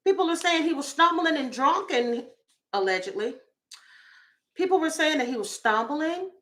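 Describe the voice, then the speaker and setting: A woman in her forties dishes celebrity gossip in a loose, goofy, chatty way, and she keeps calling her viewers y'all. Her voice sits a little high and sounds very bright and crisp. She is a tarot reader talking off the cuff. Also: lively intonation, normal speed. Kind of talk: casual celebrity gossip commentary.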